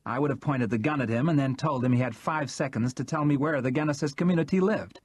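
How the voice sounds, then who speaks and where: A man's voice: medium pitch, quick pace, breathy edge, no echo, voice pushed up, lightly acted. A male narrator voicing a haughty, theatrical man who speaks imperiously with camp sarcasm. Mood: pompous.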